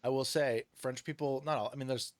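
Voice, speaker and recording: A man in his thirties hosting a casual chat, telling stories in an animated way, laughing and swearing freely. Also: mid-range voice, a little fast. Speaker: podcast host.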